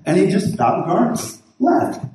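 A man's voice: sits high, big pitch swings, normal speed, darkish tone, slight background noise. A man who is a pastor, telling stories casually in a rambling, folksy way with many restarts. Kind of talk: casual storytelling. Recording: very echoey room.

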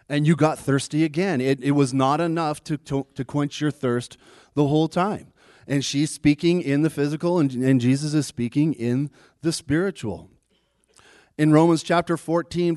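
A man's voice: on the high side, darkish tone, no echo, studio quality. A male pastor giving a conversational sermon, often repeating words as he restarts.

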